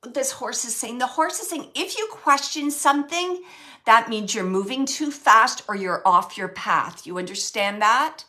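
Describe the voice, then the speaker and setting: Woman, medium, live reading, animated, self-correcting, higher voice, bright forceful tone. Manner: animated, relays spirit messages in quoted speech; searching, self-correcting phrasing. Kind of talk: live psychic reading for an audience member.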